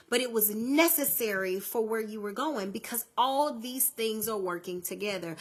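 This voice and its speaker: A woman's voice: a little high, a bit bright. A woman hosting a faith-based podcast, talking earnestly and conversationally straight to her listeners in folksy phrasing. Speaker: podcast host.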